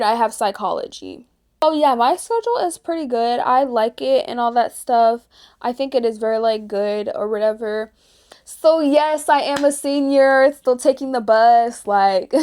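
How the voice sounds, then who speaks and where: A woman's voice: fairly high pitch, darkish tone, clean tone. A 16-year-old girl vlogger chatting casually and ranting, with lots of "like". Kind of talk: casual chat.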